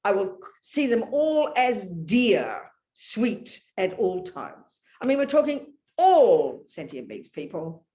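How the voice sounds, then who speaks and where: A woman teaching a Buddhist talk to a live group, her voice swinging widely up and down as she drives each point home. She speaks bluntly and emphatically, with a steady stream of questions thrown to her listeners. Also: mid-range voice, slow. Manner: emphatic and animated, often asks the audience "you know?"; blunt, outspoken. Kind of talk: dharma talk to an audience.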